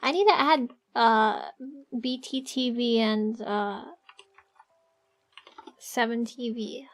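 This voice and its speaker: A woman streamer chatting casually with her viewers, giggling often and thinking out loud as she works. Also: a little high, slow pace. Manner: chatty, giggly, thinks aloud while drawing. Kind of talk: casual livestream chat with viewers.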